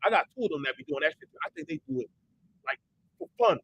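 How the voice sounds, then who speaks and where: Profane, animated man with a bright, lively voice. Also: high voice, fast talker, gravelly, a little hiss or hum, rough recording. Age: adult parent. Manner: profane, emphatic, animated, mimics others in quotes. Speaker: online talk show host. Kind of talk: heated casual rant.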